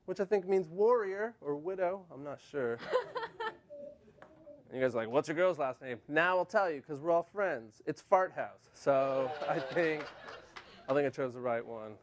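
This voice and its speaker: A man's voice: a little high, unhurried, slight background noise. Man doing a self-mocking stand-up set. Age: 30s. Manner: deadpan, self-mocking punchlines with put-on quoted voices. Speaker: stand-up comedian. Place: TV studio stage with audience.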